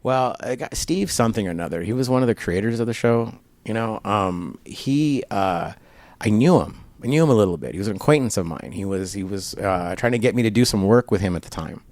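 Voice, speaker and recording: Low-voiced man telling a story. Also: a little fast, no room sound. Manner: animated storyteller, many fillers, acts out quoted voices. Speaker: guest. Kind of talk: casual storytelling interview. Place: barber shop.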